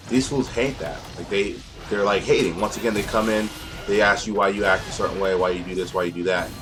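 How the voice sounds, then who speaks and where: A man's voice: on the low side, steady tone, fairly quick, over music. A young man chatting casually and profanely over gameplay, rambling in streetwise slang. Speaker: gameplay commentator.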